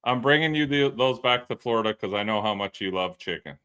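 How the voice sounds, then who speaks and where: A man co-hosting a podcast, joking around with a tense, forceful edge to his voice. He sits a little low in pitch and laughs easily, swears freely and keeps the banter loose. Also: lively intonation, a little fast, clear, resonant tone. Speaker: podcast co-host. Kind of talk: casual banter.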